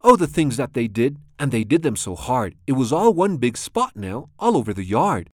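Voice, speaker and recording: A man reading a children's rhyming storybook aloud with a rhythmic, expressive delivery. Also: medium pitch, normal speed, dry recording, clean studio sound. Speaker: storybook reader.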